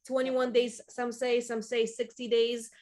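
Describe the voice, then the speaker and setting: A woman's voice: on the high side, level tone, a little slow, a little mellow. Rambling woman in casual chat. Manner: rambling, many restarts and fillers, swears casually.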